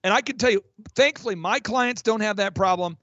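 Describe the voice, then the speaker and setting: Fast, high-energy male business coach. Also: dry recording, dull audio. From Oklahoma. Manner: energetic, emphatic, many restarts. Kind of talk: fast promotional podcast talk.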